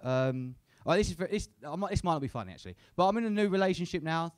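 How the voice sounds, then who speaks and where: A man's voice: on the high side, lively intonation, fast, dry recording. A young man doing a crude, sweary stand-up set at a comedy club, tagging lines with "innit". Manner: crude, swears a lot, tag questions like "innit".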